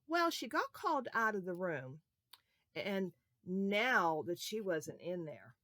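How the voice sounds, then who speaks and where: A woman reading a story aloud to young children, her pitch swooping up and down with lots of expression. She keeps pausing to ask the kids questions, and the recording is dry and close. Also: no echo. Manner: animated, asks the children questions.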